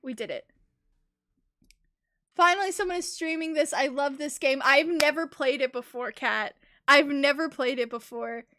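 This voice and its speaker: A young adult woman streaming a game live, chatting excitably in casual commentary and breaking into high giggles. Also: normal speed.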